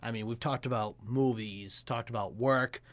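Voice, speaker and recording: Man, podcast host, casual joking chat, frequent laughter, average pitch. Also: fairly even intonation, moderate pace. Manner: laughs often, loose and joking.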